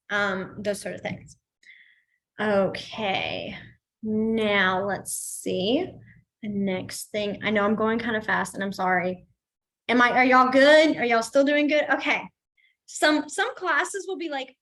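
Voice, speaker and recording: A young woman, teaching a sign language class in a chatty, casual way full of fillers, going quiet as she demonstrates signs. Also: a little high, a little slow. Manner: chatty, many fillers, drops to quiet when signing.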